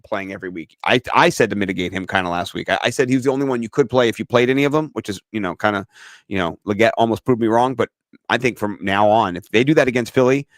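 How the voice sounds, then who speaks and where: Middle-aged man, animated fantasy football co-host. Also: lowish voice, quick pace, dry recording, studio quality. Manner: animated storyteller who acts out other people's voices. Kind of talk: casual chat.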